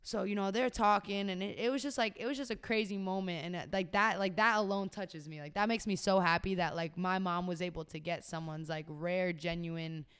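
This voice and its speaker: A young woman of about twenty-one, a podcast guest telling her story in a casual conversation, animated and full of "like" and "you know". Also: on the low side, fairly quick, few pauses, clean tone. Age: young adult, about 21.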